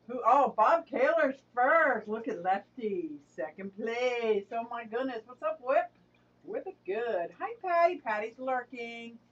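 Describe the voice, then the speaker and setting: A woman hosting a casual live stream, greeting viewers by name and chatting with them. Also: mid-range voice. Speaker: live-stream host of an aquarium channel. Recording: dull, distant mic.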